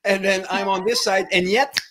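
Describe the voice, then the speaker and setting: A man's voice: high voice, steady tone, moderate pace, bright, forceful tone. A French-Canadian man hosting a podcast interview, upbeat and encouraging, with hesitant fillers. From Ontario, Canada. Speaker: podcast host.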